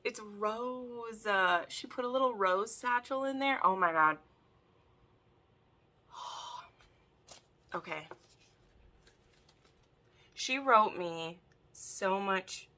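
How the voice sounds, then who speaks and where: Gushing woman unboxing gifts, bright voice. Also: mid-range voice, slow. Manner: gushing and excitable, with gasps. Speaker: book video host. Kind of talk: casual unboxing chat.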